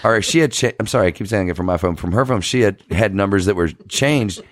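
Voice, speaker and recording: A man's voice: lowish voice, fast talker, no echo. A man telling an embarrassing story as a podcast guest, rambling, swearing and correcting himself as he goes. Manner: rambling, self-correcting, profane, laughing at himself. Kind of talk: casual storytelling.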